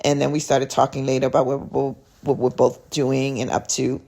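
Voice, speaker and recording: A woman's voice: extremely low pitch, little pitch movement, moderate pace, creaky, dark tone. A woman hosting a podcast, chatting in a rambling way and retelling a conversation with a friend. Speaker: podcast host. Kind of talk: casual podcast storytelling.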